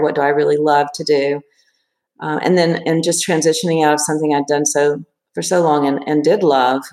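A woman in her fifties, a therapist, talking thoughtfully in an interview with many pauses and restarts. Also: sits low, darkish tone, roomy sound. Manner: reflective, hesitant with many restarts and fillers. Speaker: therapist guest. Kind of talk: casual interview.

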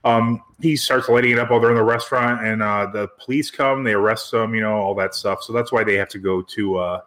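A man's voice: on the low side, fairly even intonation, fast talker, a bit bright. A man co-hosting a casual podcast, picking apart a movie in a sarcastic, rambling way with frequent restarts. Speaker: podcast co-host. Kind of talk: casual movie review chat.

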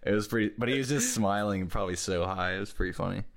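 Brief young male podcast co-host, low voice, relaxed, swears a lot. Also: fast. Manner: laid-back, swears a lot, laughs often. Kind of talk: casual chat.

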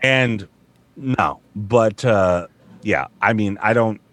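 Low-voiced man, rambling and profane. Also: takes it slowly, a bit bright, no room sound. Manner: rambling, profane, self-mocking. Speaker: voice actor. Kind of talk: casual podcast chat. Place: home studio.

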